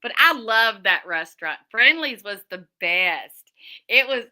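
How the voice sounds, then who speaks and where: In an unhurried voice on the high side, a middle-aged woman from the Southern US chats with her livestream audience, reading their comments aloud. She tells stories animatedly and restarts herself a lot.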